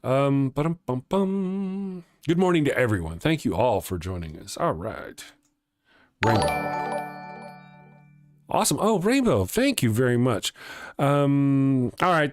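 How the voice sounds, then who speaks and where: On his live morning show, a middle-aged host with a mid-range, very animated voice jokes around, greets viewers and reads their comments at a moderate pace. He laughs a lot and frequently starts his words over, with soft music playing in the background.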